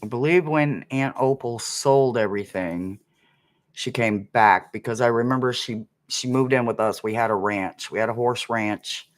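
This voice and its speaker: Man, livestream host, rambles and hums, mid-pitched voice. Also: normal speed. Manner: chatty, rambling, hums and sings snippets. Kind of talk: casual livestream chat.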